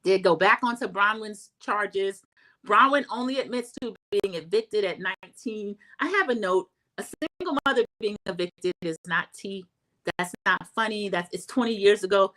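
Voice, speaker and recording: A woman's voice: normal speed, pushed and bright. Middle-aged woman, drawl, casual recap host, chatty, mimics quotes. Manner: chatty, acts out quotes in a high voice, says "y'all".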